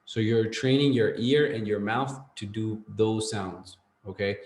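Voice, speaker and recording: A man with Spanish as his first language teaching an English class, relaxed and rambling, checking in with "okay?" often. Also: fairly low pitch, unhurried. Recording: roomy echo.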